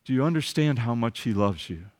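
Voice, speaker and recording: A man's voice: medium pitch, expressive, a little fast. A man preaching a sermon as pastor, earnest and emphatic, asking his listeners rhetorical questions and repeating words as he speaks off the cuff.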